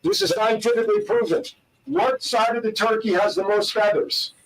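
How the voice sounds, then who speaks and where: Upbeat co-host, man, high voice, sitting a little off the mic, playful joke teller. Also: sing-song, normal speed, far from the mic, rough recording. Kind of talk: casual talk show banter telling dad jokes.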